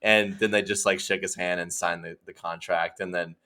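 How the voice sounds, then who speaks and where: A young man with a low, bright and forceful voice co-hosts a laid-back comedy podcast. He riffs loosely and jumps into quick voices for the people he imagines. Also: level tone. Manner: acts out imagined scenes with quick put-on voices. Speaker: podcast co-host. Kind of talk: casual comedic chat.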